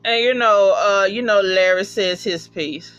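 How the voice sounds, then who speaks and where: Slow, bright-voiced profane TV recapper. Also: mid-range voice, clean tone, highs cut off. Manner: profane, animated, acts out quotes. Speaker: TV episode reviewer. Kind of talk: casual spoken recap.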